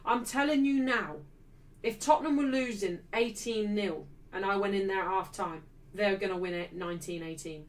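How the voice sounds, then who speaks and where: A woman's voice: medium pitch, normal speed, distant mic, low-quality recording. A woman hosting a football watchalong stream, ranting and swearing as she talks to her chat. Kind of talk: casual live-stream chat.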